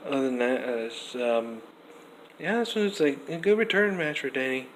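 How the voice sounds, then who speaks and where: A young man giving a casual, rambling wrestling review, restarting sentences often and getting animated. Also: medium pitch, brisk, rough recording. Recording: faint background noise.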